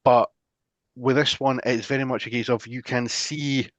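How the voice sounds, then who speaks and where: A man's voice: mid-range voice, steady tone, normal speed, fairly bright tone, dry recording. A man from England hosting a casual podcast chat, rambling with frequent restarts and fillers, on dull lo-fi audio. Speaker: podcast host. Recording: dull lo-fi sound.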